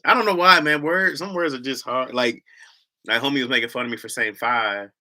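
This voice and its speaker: A man's voice: medium pitch, a little fast, bright, forceful tone. A man with a Michigan accent hosting a livestream, chatting casually in a slangy, rambling way and laughing often. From Lansing, Michigan, US. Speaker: livestream host.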